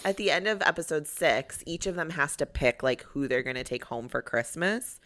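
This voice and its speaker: Lively, low-pitched woman co-host. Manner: chatty, quick to agree and pile on. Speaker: podcast co-host. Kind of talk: casual chat.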